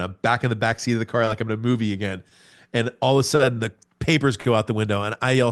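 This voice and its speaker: A man in his forties, a podcast guest, telling a personal testimony in a lively storytelling way with sound words. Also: lowish voice, fast talker. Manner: animated storyteller, acts out scenes with sound words.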